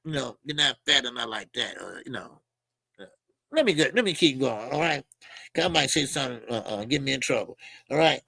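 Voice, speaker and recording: A man's voice: mid-range voice, very animated, fairly quick, creaky, bright, forceful tone, dry recording. A middle-aged man hosting a boxing channel, talking in a casual, rambling way with lots of slang, fillers and repeated words.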